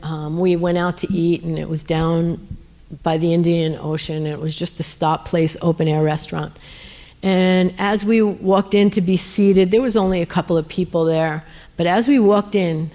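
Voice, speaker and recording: A woman's voice: on the low side, darkish tone. A woman telling a faith testimony as a missionary speaker, earnest and emotional, with frequent fillers. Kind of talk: testimony storytelling.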